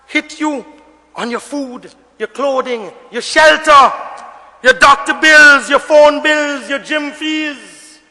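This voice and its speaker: A very high-voiced man delivers a forceful, bright-toned parliamentary speech, hammering his points with repetition and bursts of shouting. His voice rings with the long reverb of a debating chamber. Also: slow pace. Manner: emphatic, repetitive oratory, rising to shouts. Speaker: member of parliament.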